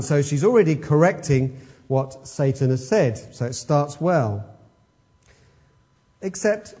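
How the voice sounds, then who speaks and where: A man's voice: fairly high pitch, mellow, husky. A man preaching an expository sermon, emphatic and fond of rhetorical questions.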